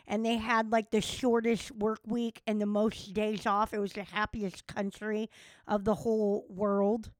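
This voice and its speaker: A woman's voice: mid-range voice, flat delivery, unhurried, dry recording. Teasing woman co-host, dry mic. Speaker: podcast co-host. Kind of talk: casual banter.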